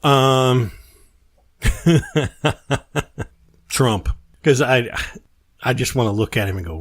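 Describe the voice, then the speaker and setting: A man's voice: medium pitch, takes it slowly, long pauses, no room sound. A man on a podcast spins a long story in casual chat and jumps into voices for the quotes. His voice sits mid-range. The sound is dry and close. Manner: animated storyteller, acts out quotes. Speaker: podcast host.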